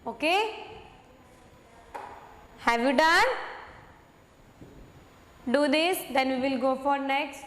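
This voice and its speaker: A woman's voice: sits high, very slow, pauses often, a bit bright. A woman, teaching young children through a worksheet, coaxing and repeating simple words. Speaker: kindergarten teacher. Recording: echoey room.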